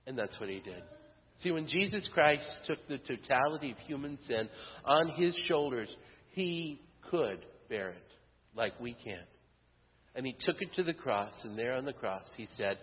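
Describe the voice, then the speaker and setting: Preaching pastor in a reverberant church. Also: male voice, on the high side, expressive, moderate pace. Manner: impassioned preaching, swinging from loud build-ups to hushed lines. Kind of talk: sermon. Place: church sanctuary. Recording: thin phone-like sound with long church reverb.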